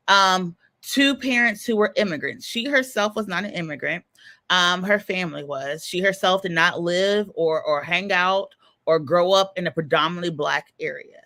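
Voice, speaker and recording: A man's voice: sits high, pushed and bright. A man co-hosting a podcast who explains his views emphatically, building arguments through lists and repetition. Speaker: podcast co-host. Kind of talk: explanatory commentary.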